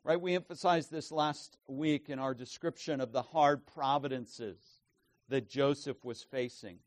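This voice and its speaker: Slow, emphatic preaching man. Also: mid-range voice, steady tone, no room sound. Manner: slow, emphatic, repeats key words with pauses. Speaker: pastor. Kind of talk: expository sermon.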